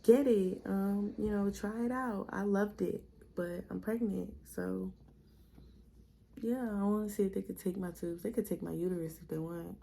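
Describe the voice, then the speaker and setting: A young woman tells her story in a chatty, animated way, calling her viewers y'all. Her voice is low and mellow with a gravelly fry. A faint hum of room noise sits behind her. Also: normal speed. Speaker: vlogger. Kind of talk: casual storytelling vlog.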